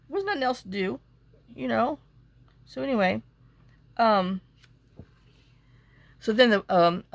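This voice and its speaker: Chatty woman with gravelly voice. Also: medium pitch, no room sound. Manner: chatty, rambling storyteller, talks to herself while working. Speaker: craft vlogger. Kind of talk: casual chat while crafting.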